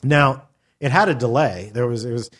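Here a middle-aged podcaster with a mid-range, fairly bright voice talks at normal speed. His long, casual story wanders, loaded with fillers and the occasional swear word.

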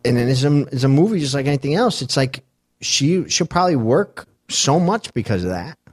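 Rambling mid-pitched man telling a story. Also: very animated, a little fast. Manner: rambling storyteller, laughs easily. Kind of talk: casual chat.

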